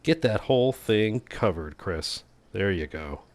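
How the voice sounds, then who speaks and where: A man's voice: on the low side, animated, a little slow, dry recording. A man hosting a casual cooking video, talking in a playful, goofy way with self-mocking jokes. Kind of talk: casual cooking vlog narration.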